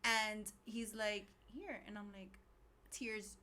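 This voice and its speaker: A woman's voice: a little high, normal speed, bright, forceful tone. A woman with a Miami Spanish-English accent, co-hosting a casual podcast chat and telling stories expressively, acting out her own reactions. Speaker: co-host.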